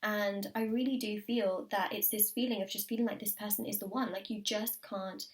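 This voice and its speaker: A woman's voice: mid-range voice, steady tone, moderate pace. A woman with a British accent giving a tarot reading, enthusiastic and repeating words for emphasis. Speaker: tarot reader.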